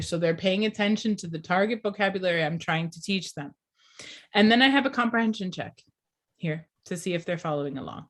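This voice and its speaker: A woman giving a class lecture as a teacher trainer. She speaks clearly and deliberately and keeps asking the class questions. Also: on the low side, fairly bright tone.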